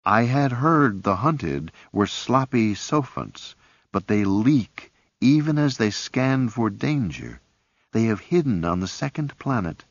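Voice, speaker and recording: A man's voice: lowish voice, dry recording, heavily acted. A man voicing a joyous spindly-legged alien creature that senses minds, speaking in a crooning, savoring way. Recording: dull lo-fi cassette audiobook.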